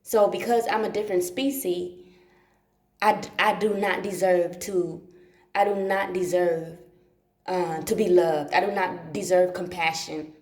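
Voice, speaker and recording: This livestream host speaks unhurriedly in a lowish, steady voice with a darkish tone, and the room echoes. Sitting in a dark room at home, she delivers a loose monologue, cursing a lot and repeating herself for emphasis.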